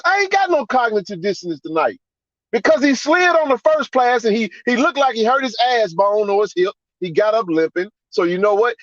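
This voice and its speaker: A man's voice: fairly bright tone, no room sound. A man hosting a live sports reaction stream, ranting in a fired-up, profane way and repeating himself for emphasis. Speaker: podcast host. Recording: dry, dull low-fi sound.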